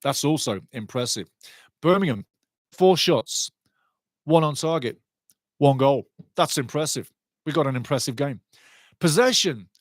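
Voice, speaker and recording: A man's voice: mid-range voice, expressive, normal speed, no echo. A man hosting a live football watch-along, chatting through scores and match statistics. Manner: chatty, reads out scores and stats.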